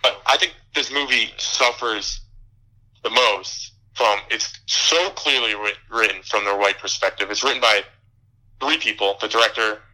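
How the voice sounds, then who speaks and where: During relaxed film review chat, a podcast co-host, a young man, rants angrily and profanely while laughing at points. He takes his time, his lowish voice has a sharp tone, and the audio is poor.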